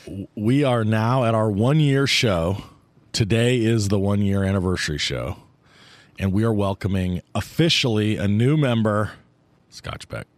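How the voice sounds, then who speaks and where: A man's voice: on the low side, unhurried, no echo. A man co-hosting a movie podcast in casual chat who laughs easily and halts with fillers. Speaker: podcast co-host.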